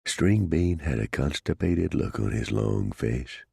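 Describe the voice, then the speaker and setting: An audiobook narrator reads a western novel in a very deep, gravelly, husky voice that is also mellow. His narration is measured yet animated, recorded dry and close to the mic.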